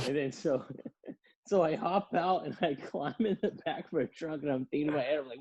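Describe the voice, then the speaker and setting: Casting note: husky-voiced man, rambling storyteller, dull lo-fi recording. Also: on the high side, moderate pace, darkish tone. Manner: rambling, laughing, swears. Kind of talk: casual storytelling.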